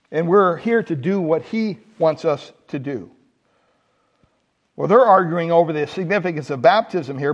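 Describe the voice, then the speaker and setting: Animated man preaching a sermon. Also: fairly high pitch, creaky. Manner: animated storytelling, rising to emphatic peaks. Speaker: pastor.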